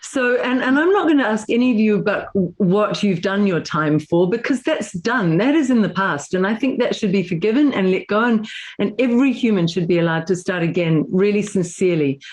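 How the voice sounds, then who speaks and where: A woman's voice: mid-range voice, animated, a little fast, darkish tone. A middle-aged woman from New Zealand, interviewing in an earnest, heartfelt way. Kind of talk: casual interview.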